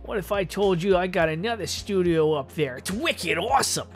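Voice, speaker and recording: Brief: boastful Boston painter, pitched up and loud, as a man puts him on. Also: lively intonation, moderate pace, faint music behind. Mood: mocking. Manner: over-the-top, mocking. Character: boastful male painter, goofy Boston talk.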